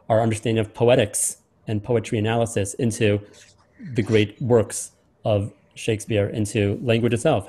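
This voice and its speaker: Low, mellow-voiced male lecturer. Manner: measured, drawing out key words. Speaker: host and lecturer. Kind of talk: close reading of a speech.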